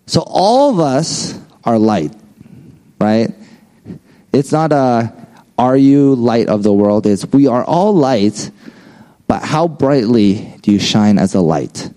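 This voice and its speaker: A man's voice: medium pitch, big pitch swings, slow, mellow, poor audio. A man giving a casual, conversational sermon, often checking in with "right?". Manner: conversational, frequent "right?" tags. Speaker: preacher.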